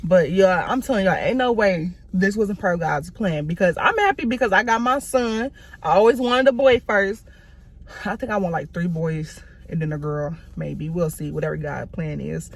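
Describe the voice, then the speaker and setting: A young woman vlogging from inside a car, telling a story to her viewers in a blunt, animated, profane way. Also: lowish voice, moderate pace. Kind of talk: casual talk to camera.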